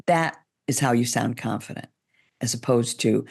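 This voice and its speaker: Speaking deliberately in an interview, this public speaking coach illustrates pitch shifts while advising. Her voice is creaky, a touch mellow, and somewhat rough.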